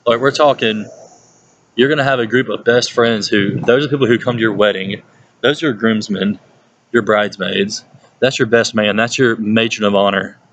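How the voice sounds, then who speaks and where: A young man, a youth pastor telling stories in a casual, animated way and often laughing. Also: lowish voice, highs cut off, a little hiss or hum. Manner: animated storytelling, laughs often, puts on voices for people he quotes. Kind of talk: casual talk to a youth group.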